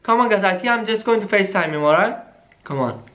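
A vlogger in a staged scary phone-call skit, excitable and talking straight to viewers, dropping into hushed tones at times. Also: medium pitch, fast talker. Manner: excitable, keeps saying "guys", drops to hushed tones.

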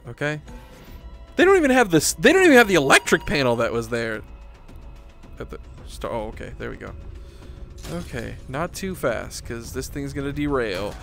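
A man commenting on a VR rollercoaster game, swearing, pleading and laughing, with frequent swings into panicked yelling. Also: mid-range voice, big pitch swings, moderate pace, gravelly, faint music behind. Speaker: gaming YouTuber. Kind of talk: VR gameplay commentary.

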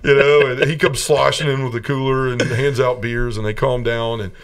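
A man, a podcast guest, earnestly telling his personal testimony as a lively storyteller. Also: medium pitch, moderate pace, clear, resonant tone, far from the mic.

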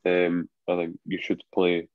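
A man's voice: sits low, completely flat delivery, a little slow, dry recording. A man co-hosting a football podcast in casual chat, blunt and opinionated. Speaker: podcast co-host. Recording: dull lo-fi podcast audio.

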